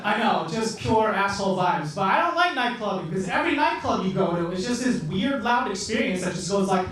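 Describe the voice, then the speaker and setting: A man's voice: high voice, expressive, a little fast, noisy background. A young man from South Korea with an American-influenced accent, doing a self-mocking, swearing stand-up set in a comedy club. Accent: American-influenced English. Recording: echoey club from far mic, crowd.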